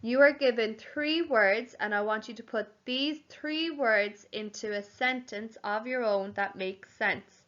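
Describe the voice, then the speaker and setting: Slow, bright-voiced woman teacher. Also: on the high side, highs cut off. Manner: slow, clear, sing-song teacher voice, spelling words out. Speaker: primary school teacher. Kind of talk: home learning lesson for young children.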